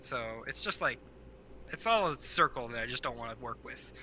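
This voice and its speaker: A man's voice: mid-range voice, lively intonation, moderate pace, bright, forceful tone, slight background noise, poor audio. A man co-hosting a podcast in casual chat, rambling with many fillers and restarts. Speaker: podcast co-host.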